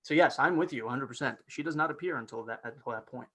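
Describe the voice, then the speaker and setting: A male guest actor talks fast in a mid-range voice about his process in a casual teaching chat over a video call. He's animated, with lots of restarts and fillers.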